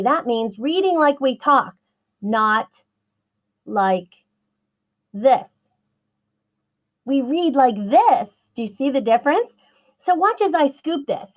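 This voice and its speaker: Woman, early-grades teacher; bright encouraging sing-song delivery, lo-fi dull recording. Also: high-pitched. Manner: slow, sing-song and encouraging, stretching words out for young learners. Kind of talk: children's online writing lesson.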